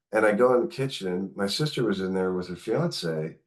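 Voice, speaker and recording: Deep-voiced man telling a family story. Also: a little fast, few pauses. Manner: candid, animated retelling with quoted dialogue. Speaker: podcast guest, author and caregiver. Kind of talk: conversational storytelling.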